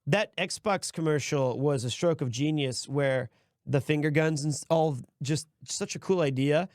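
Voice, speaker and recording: A man's voice: a little high, moderate pace, darkish tone, dry recording, studio quality. A man hosting a stream, chatting casually and rambling while building a model set, often restarting his sentences. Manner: rambling, self-correcting, easygoing. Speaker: streamer host.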